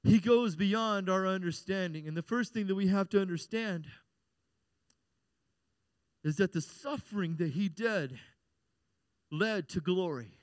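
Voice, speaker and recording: A man pastor preaching a sermon in a church, impassioned, rising to shouts and sung lines. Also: high-pitched, dry recording.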